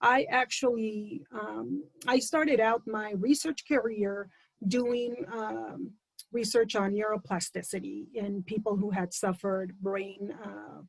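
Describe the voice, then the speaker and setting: A woman speech pathology professor on a video call tells a panel how her work began. She speaks casually with frequent pauses and ums. The sound is close and dry, with no room around it. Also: medium pitch, steady tone, creaky, no echo, rough recording. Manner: conversational, many ums. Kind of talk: panel introduction, casual storytelling.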